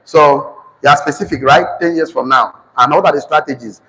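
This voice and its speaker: A man with a Nigerian accent teaching a finance class, repeating each phrase slowly so students can write it down. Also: fairly high pitch, sharp tone, breathy edge, long reverb tail, rough recording. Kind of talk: classroom lecture with dictation.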